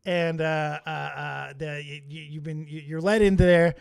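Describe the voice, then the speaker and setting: Man, high voice, podcast host, loose profane chatter. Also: fairly even intonation, moderate pace, gravelly, clean tone, no echo. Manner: profane, rambling, laughs often. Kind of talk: casual chat.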